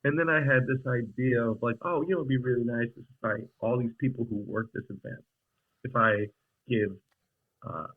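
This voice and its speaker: A man, an actor guest on a podcast, telling an animated anecdote with frequent laughs and self-corrections. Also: mid-range voice, normal speed, phone-quality sound. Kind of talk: storytelling in a podcast interview.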